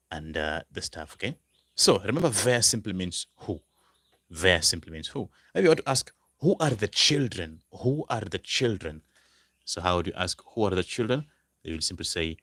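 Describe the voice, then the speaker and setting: A man tutoring a language lesson, slowly repeating each phrase word by word. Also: low voice, sing-song, fairly bright tone, dry recording. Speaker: German tutor.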